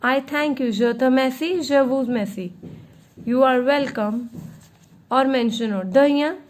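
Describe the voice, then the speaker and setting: A woman teaching a beginner French lesson, speaking slowly and patiently and repeating each word. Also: high voice, a little mellow.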